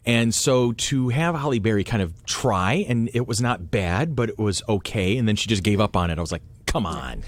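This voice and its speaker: A man hosting a casual panel chat at a convention, talking with many halting restarts. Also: lowish voice, lively intonation, dry recording. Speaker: podcast host.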